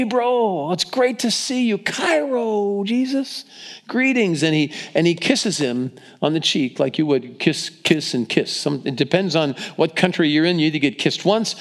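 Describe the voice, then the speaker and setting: A man's voice: fairly high pitch, moderate pace, hardly any pauses. A man preaching a sermon, retelling the scripture vividly and stumbling over restarts. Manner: storytelling, dramatizes quotes with acted voices; frequent restarts and repetitions.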